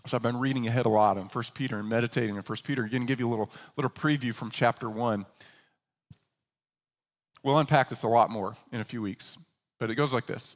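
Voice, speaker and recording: A man preaching a sermon as pastor, telling a story with animated delivery and acting out the characters he quotes. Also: mid-range voice, fast, long reverb tail.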